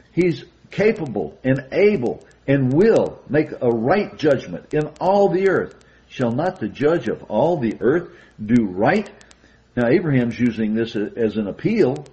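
A man's voice: medium pitch, mellow, poor audio. A man preaching a sermon, reading verses aloud and explaining them with emphatic rises, often repeating words as he goes. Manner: repeats words and restarts phrases.

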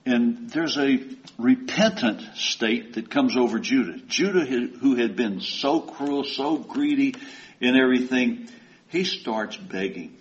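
A man preaches to his congregation, retelling a story in a loose, folksy, conversational way. His voice sits at an ordinary middle pitch. The recording is dull and lo-fi. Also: lively intonation, slow pace. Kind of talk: sermon.

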